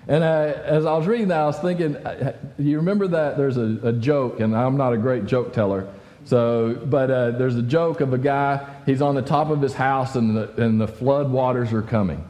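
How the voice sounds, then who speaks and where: A man's voice: mid-range voice, darkish tone, long reverb tail. A man giving a casual, conversational sermon as a pastor, talking with many fillers and restarts.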